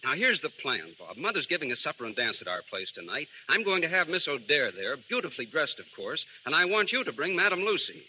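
A man's voice: on the high side, big pitch swings, brisk, few pauses, sharp tone, slight background noise, full character voice, rough recording. An actor playing an eager, persuasive young man in a 1930s radio drama. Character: eager, charming young man-about-town.

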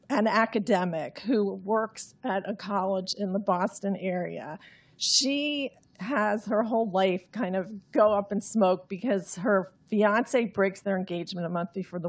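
A woman author reads from her own novel in a droll, understated manner, then talks about it. Her voice is breathy and slightly husky. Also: medium pitch. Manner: understated, dry reading. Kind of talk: reading aloud, then answering questions.

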